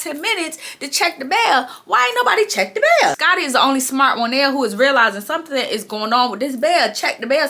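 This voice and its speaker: A young woman with a bright, fairly high voice talks casually to her viewers as she recaps a show. She is chatty and animated, often repeating phrases and speaking straight to her audience. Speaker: TV recap vlogger.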